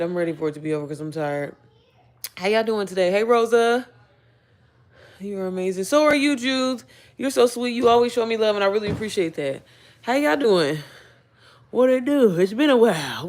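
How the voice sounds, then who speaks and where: A chatty young woman from Indiana hosts a casual livestream from home, talking into her phone. Her voice sits at a middle pitch as she greets viewers by name and reads their comments aloud. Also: animated, moderate pace, darkish tone. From Indiana, United States. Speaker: livestream host. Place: indoors at home.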